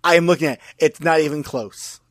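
A man's voice: a little high, quick pace, no room sound. A young adult man co-hosting a casual podcast, explaining rules carefully and teasing his partner. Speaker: podcast co-host. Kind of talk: casual chat about trading cards.

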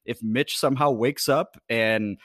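A man's voice: medium pitch, unhurried, fairly bright tone, no echo, clean studio sound. A man co-hosting a sports podcast, talking in a sarcastic, upbeat way. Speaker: podcast co-host. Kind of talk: casual sports chat.

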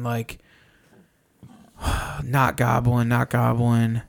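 A young man on a podcast, casually recounting a hunt in animated detail, swearing often and acting out his own reactions. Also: medium pitch, slow, vocal fry. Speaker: podcast co-host. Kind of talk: casual storytelling recap.

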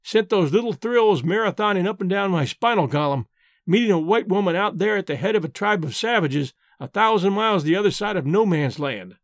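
A man's voice: high-pitched, expressive, fairly quick, no room sound, studio quality. A man reading an old male storyteller who earnestly and solemnly recalls his past over drinks. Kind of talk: audiobook reading.

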